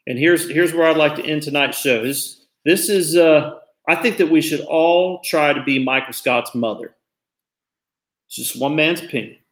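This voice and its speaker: A man's voice: a little high, moderate pace, echoey room. A man in his forties hosting a talk show, speaking earnestly and reflectively in casual commentary. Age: 40s.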